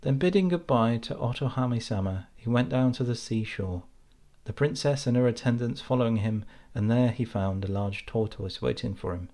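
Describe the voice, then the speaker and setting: A man reading a fairytale aloud in a calm, measured way. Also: medium pitch. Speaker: storyteller.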